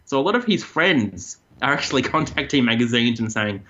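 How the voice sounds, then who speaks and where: A man's voice: medium pitch, brisk, lo-fi sound. A man, co-hosting a podcast and chatting casually about odd news stories. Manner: chatty, animated storytelling. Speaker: co-host.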